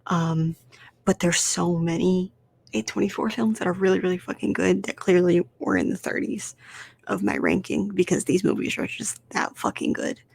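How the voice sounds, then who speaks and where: A woman hosting a casual solo podcast, animated and swearing freely as she rambles through film rankings. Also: fairly low pitch, moderate pace, vocal fry, slightly rough. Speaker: podcast host.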